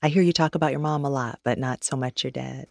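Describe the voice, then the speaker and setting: A man interviewing a guest, asking gentle, attentive questions. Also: mid-range voice, fairly even intonation, fast, vocal fry, no echo, studio quality.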